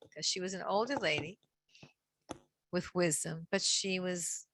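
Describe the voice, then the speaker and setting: A middle-aged woman teaching a Torah class on a video call, chatty and warm, greeting each listener by name. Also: on the low side, no room sound. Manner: reads Hebrew verses slowly for others to repeat.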